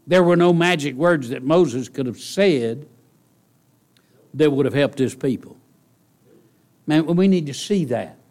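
A man's voice: on the high side, measured pace, pauses often. Male preacher for a sermon, conversational asides, builds to emphatic peaks. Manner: earnest, builds from quiet musing to raised emphatic preaching; conversational asides, direct questions to the congregation.

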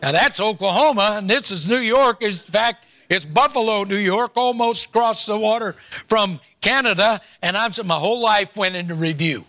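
A man's voice: high voice, moderate pace, pushed and bright. An older man preaching a sermon, telling a folksy family story with humorous asides before turning to scripture. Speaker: pastor.

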